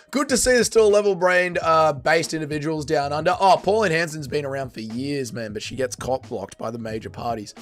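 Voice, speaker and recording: A young man hosting a casual livestream, reading chat aloud, swinging between loud bursts and low mumbles. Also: animated, fairly quick, hardly any pauses, soft background music.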